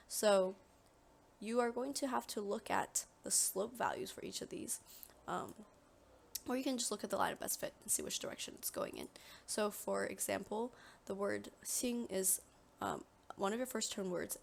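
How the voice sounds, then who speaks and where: A young woman talks through a software tutorial one step at a time, dropping in plenty of "um"s as she goes. Her voice has a gravelly, creaky edge. There is a faint hiss of noise behind her. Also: medium pitch. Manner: step-by-step instructions with frequent "um" fillers. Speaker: tutorial presenter. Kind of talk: screen-recorded software tutorial.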